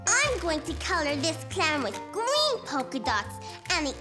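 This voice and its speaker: Caillou, a high, eager little cartoon boy. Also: measured pace, heavily acted. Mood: playful. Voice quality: high childlike voice. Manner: excitable, playful. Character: cheerful four-year-old boy, curious and eager. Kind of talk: cartoon voice acting. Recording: music underneath.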